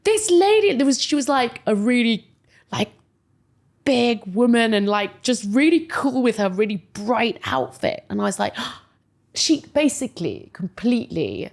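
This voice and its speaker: A woman in her forties telling a personal story as a podcast guest, chatty and animated, filling her speech with "like" and jumping high when quoting people. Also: unhurried, gravelly. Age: 40s. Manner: animated storyteller, many "like"s, voices quotes high. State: emotional, near tears. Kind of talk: casual interview chat.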